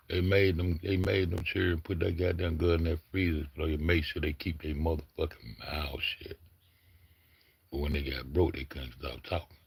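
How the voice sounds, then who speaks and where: A man telling a story gruffly, with heavy cursing. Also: extremely low pitch. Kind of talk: casual chat.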